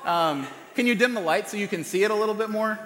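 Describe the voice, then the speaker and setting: Rambling preacher in an echoey hall. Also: male voice, high-pitched, fast, fairly bright tone. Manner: casual, rambling storytelling with many fillers and restarts. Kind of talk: sermon with a personal story. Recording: echoey hall with long reverb.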